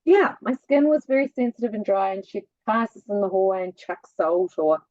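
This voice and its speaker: A woman's voice: medium pitch, moderate pace, no room sound, lo-fi sound. Musical-voiced woman telling stories. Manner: lively storyteller with a musical cadence. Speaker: guest. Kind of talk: casual chat.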